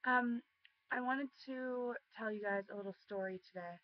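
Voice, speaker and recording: A woman's voice: on the high side, moderate pace, lo-fi sound, a little hiss or hum. A teenage girl telling a personal story in a casual, chatty way, full of ums and likes. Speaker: vlogger.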